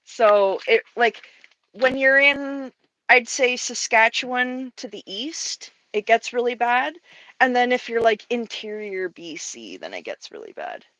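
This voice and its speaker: A woman's voice: a little high, sing-song, bright, forceful tone, no room sound, rough recording. Woman hosting a stream, chatty and jokey, voice bouncing all over, dry close sound. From Western Canada. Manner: chatty, playful, quick to riff. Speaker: stream host. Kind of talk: casual chat while painting.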